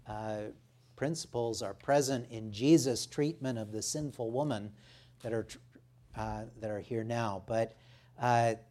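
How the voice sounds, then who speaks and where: A male pastor preaching in a church at a mid pitch. He fills his pauses with "uh" and pushes his voice louder to stress key points. When he reads scripture aloud, his voice lifts and grows emphatic. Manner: frequent "uh" fillers, rising loud for emphasis. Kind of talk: sermon with scripture reading and prayer.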